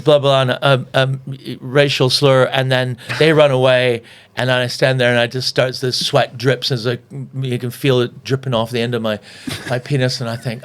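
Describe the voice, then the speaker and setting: A man's voice: medium pitch, flat delivery, normal speed. A man telling a long, rambling story in casual pub talk, swearing freely and restarting his sentences often. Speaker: comedian guest.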